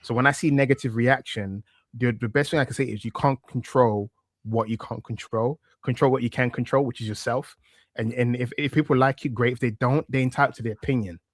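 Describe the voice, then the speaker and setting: Heard in a clean studio recording with no room sound, a thirtysomething East London man with a strong accent chats as a podcast guest and wrestling media presenter. He talks fairly quickly in a mid-range voice, relaxed and reflective, with frequent fillers and restarts.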